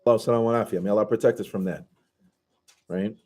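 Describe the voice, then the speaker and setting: A man's voice: fairly low pitch, fairly even intonation, quick pace, warm tone. A man teaching a conversational scripture commentary class, casually asking his students questions and reciting Arabic passages.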